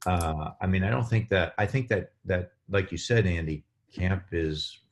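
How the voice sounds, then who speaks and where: Podcast guest, male, low voice, lively explainer who acts out quotes. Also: moderate pace. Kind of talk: casual podcast chat.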